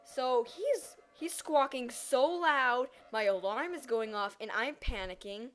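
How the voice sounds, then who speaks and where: A teenage girl telling a personal story in a casual vlog, animated and dramatic, acting out her own reactions. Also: high-pitched, slow pace, faint music behind. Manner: animated, dramatic retelling with acted-out quotes.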